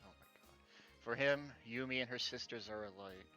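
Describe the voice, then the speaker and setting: A man's voice: medium pitch, normal speed, bright, forceful tone, soft background music. A male streamer reading game text aloud, breaking in with sarcastic, exasperated asides and swearing.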